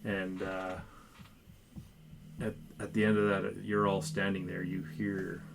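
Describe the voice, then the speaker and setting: A man narrating a tabletop game as the game master, telling the story at an unhurried pace with occasional fillers. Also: low-pitched, completely flat delivery, creaky, noisy background. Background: background music.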